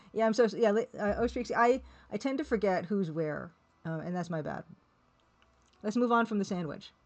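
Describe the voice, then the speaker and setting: A woman's voice: mid-range voice, darkish tone. A woman streaming live, chatting casually and rambling while reading viewers' comments, laughing now and then. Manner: chatty, rambling, laughs often, reads chat aloud.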